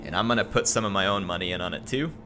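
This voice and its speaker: A young man on a gaming stream reading a viewer's message aloud, halting and emotional, full of ums, earnest and grateful. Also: deep voice, pushed and bright, a little hiss or hum. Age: young adult.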